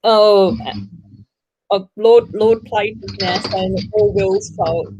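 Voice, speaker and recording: Australian woman on a livestream reading out chat, laughs a lot, dry close mic, plain mid pitch. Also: steady tone, slow, a little mellow, husky, no room sound, highs cut off. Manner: giggly, reads chat comments aloud, apologetic.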